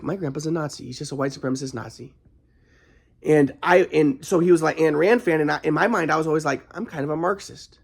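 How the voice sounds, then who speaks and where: A man talks straight through a rambling vlog monologue, stopping and restarting often. His voice sits a bit high and carries a gravelly fry. Sometimes heat flares into it. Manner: rambling, halting, frequent restarts; flares into anger.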